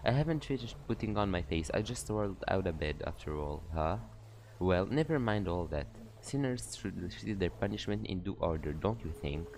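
A man's voice: deep voice, expressive, gravelly, a little mellow, a little hiss or hum. A man reading the lines of a sly, mocking female warden in a game, taunting her captives. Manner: taunting, drawn-out questions.

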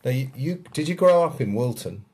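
A man's voice: mid-range voice, expressive, fairly quick, darkish tone, breathy edge. A man hosting a podcast, interviewing a guest with eager questions. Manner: eager, keen, asks questions. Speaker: podcast host.

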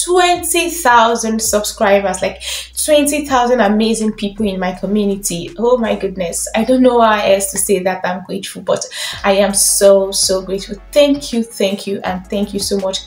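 A woman's voice: mid-range voice, normal speed, roomy sound, soft background music. A woman hosting her own channel, speaking straight to her viewers and gushing with repeated, emotional thanks. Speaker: YouTube channel host. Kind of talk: direct-to-camera thank-you message.

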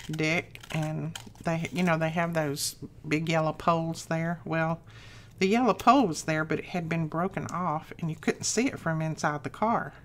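A chatty middle-aged woman with a lowish voice talks through her craft project in a relaxed, homey way. She rambles between stories and steps, with a faint hum of room ambience behind her. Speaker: crafting channel host. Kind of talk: casual crafting chat.

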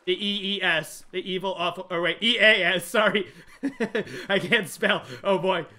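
A young man streaming a game live, jumpy and excitable, talking straight to his chat. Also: high-pitched, moderate pace. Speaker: gaming livestreamer. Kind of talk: live let's-play commentary.

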